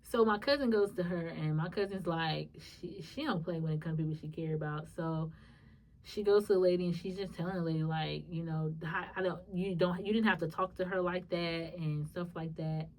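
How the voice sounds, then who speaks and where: A young woman, hosting a podcast and telling a personal story in a lively, animated way. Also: fairly low pitch, a little fast, distant mic. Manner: lively, animated retelling with acted-out quotes and laughs. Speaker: podcast host. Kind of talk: casual storytelling monologue.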